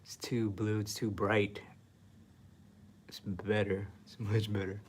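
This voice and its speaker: A man teaching painting, talking to himself as he works, muttering, self-critical, slipping into soft whispers. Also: on the low side, flat delivery, slow pace, a little hiss or hum. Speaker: art instructor. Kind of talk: painting demo with self-talk.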